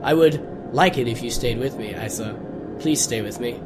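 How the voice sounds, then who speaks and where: A man voicing a despairing, weeping man in a story game, reading the lines lower than his own voice. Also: moderate pace, noisy background, natural voice. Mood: pleading. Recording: game music behind.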